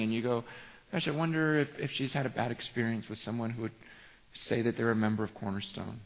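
Pastor guy preaching, gets really animated, long church echo, kinda muffled sound. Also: mid-range voice, fast talker, gravelly. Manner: animated storytelling, voice rising sharply in excitement; repeats and restarts words often. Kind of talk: sermon. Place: church sanctuary.

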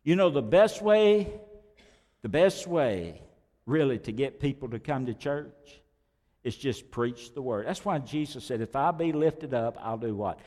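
A pastor preaching a sermon, talking conversationally with sudden loud rises and quiet drops. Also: male voice, medium pitch, lively intonation, unhurried, big-room sound.

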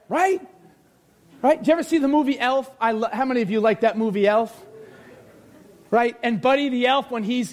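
A male pastor preaching a sermon in church, energetic and joking, with emphatic shouted peaks. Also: extremely high pitch.

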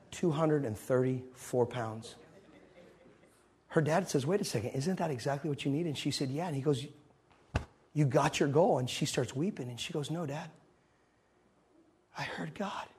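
A man preaching a sermon, telling a story and swinging between loud moments and hushed ones. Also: medium pitch, a little hiss or hum.

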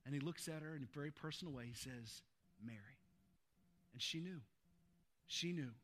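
This man preaches as pastor with a fairly high, brisk voice. He's emphatic, stacks adjectives, and moves between loud urgency and soft tenderness.

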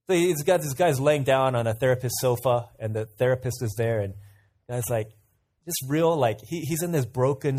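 A man's voice: mid-range voice, moderate pace, darkish tone. Conversational man preaching a sermon. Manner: conversational, asks the audience questions, tells anecdotes.

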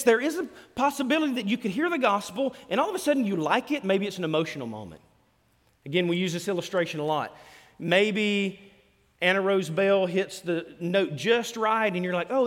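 A male pastor preaching a sermon, animated, swinging between loud bursts and hushed asides. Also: high voice, brisk. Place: church hall. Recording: long hall reverb.

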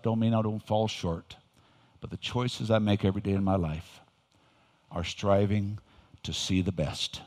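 An older man, a pastor, preaching a sermon with folksy storytelling that swings into loud emphasis. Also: fairly low pitch. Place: church sanctuary. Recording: reverberant hall.

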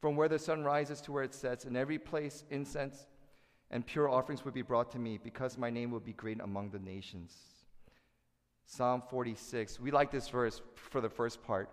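Animated male preacher in a reverberant hall. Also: mid-range voice, normal speed. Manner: animated, asks the congregation to respond. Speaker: pastor. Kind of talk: sermon.

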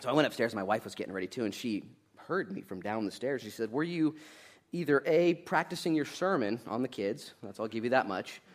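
A man in his thirties preaching a sermon, jokey and animated, swinging between loud bursts and quiet asides. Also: lowish voice, quick pace. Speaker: pastor.

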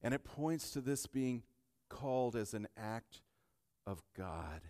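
A man preaching a sermon as pastor, swinging from quiet storytelling to shouted, rising climaxes. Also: medium pitch, animated, takes it slowly, big-room sound.

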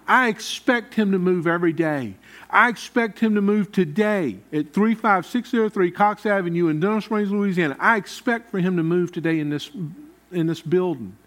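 Pastor guy preaching, folksy and chatty, kinda high voice. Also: a bit bright. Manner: folksy, conversational preaching with Southern grammar. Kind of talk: sermon.

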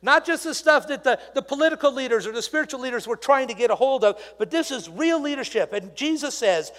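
A middle-aged man preaching a sermon in a church, conversational and animated, with asides to the congregation. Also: very high-pitched, fast, hardly any pauses. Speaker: pastor. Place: church sanctuary. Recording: reverberant church hall.

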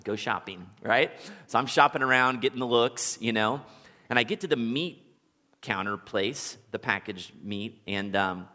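A man preaching a sermon as a pastor, relaxed and conversational, telling stories and chuckling now and then. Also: mid-range voice, measured pace, in a large hall. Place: church sanctuary.

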